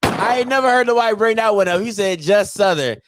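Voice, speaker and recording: A man's voice: high voice, fast talker, background noise. A male host of a call-in show, easygoing and slangy, laughing often as he takes callers. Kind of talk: casual call-in show hosting.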